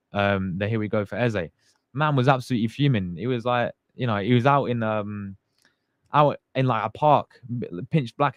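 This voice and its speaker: A man's voice: medium pitch, no echo, dull audio. A young man hosting a live fan stream, chatting casually and greeting viewers by name in slangy talk. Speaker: fan channel host.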